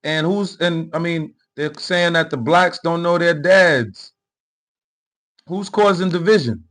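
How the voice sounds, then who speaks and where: Poor audio carries this man's somewhat high, fairly bright voice as he speaks at a measured pace. Hosting a live commentary stream, he rants in a heated, profane, repetitive way and reads out comments from viewers.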